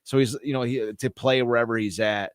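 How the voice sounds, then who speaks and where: A man's voice: mid-range voice, fairly even intonation, brisk, dry recording, clean studio sound. A man co-hosting a podcast, rambling through stories with many fillers and reading passages aloud. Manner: rambling, hesitant, lots of fillers. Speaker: podcast co-host. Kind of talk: casual chat, reading from a book.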